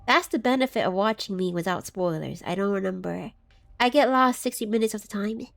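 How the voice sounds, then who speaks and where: A woman's voice: mid-range voice, a little fast, creaky. A woman streaming a game live, chatting casually and reading chat aloud, scattered and giggly as she loses her train of thought.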